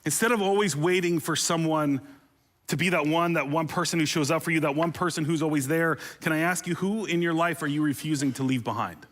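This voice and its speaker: A man's voice: on the high side, fairly quick, a bit bright. A man preaching a sermon as pastor, conversational and humorous, with playful asides and rising intensity on emotional appeals.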